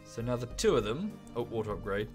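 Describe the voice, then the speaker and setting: A man's voice: medium pitch, sing-song, a little fast, over music. A man streaming a strategy game from home, thinking aloud in a chatty, rambling way with offhand asides. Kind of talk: casual live-stream commentary.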